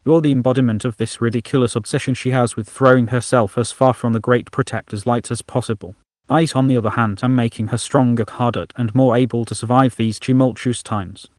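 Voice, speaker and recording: A stern, critical inner voice that lectures with haughty certainty, voiced by a man. Mid-pitched and dry, read close to the mic. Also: fairly even intonation, a little fast, darkish tone, no room sound, lightly acted. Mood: scolding. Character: critical inner voice, stern and scolding, not human.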